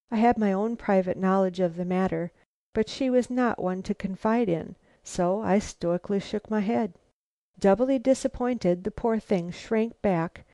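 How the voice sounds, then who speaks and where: Woman audiobook narrator, mellow and measured, dry close recording. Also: medium pitch, dry recording. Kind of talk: scripted narration of a novel.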